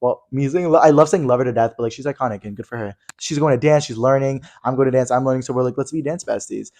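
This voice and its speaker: A man's voice: medium pitch, quick pace, darkish tone. A young man co-hosting a podcast in casual chat, gushing and slang-heavy, filling his talk with "like" and "literally". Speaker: podcast co-host.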